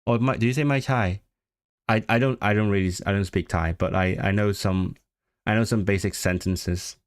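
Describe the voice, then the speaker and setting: A man's voice: fairly low pitch, steady tone, moderate pace, clear, resonant tone. A man hosting a casual livestream, reading viewer comments and sounding out foreign words with many restarts and repeated words. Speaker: livestream host.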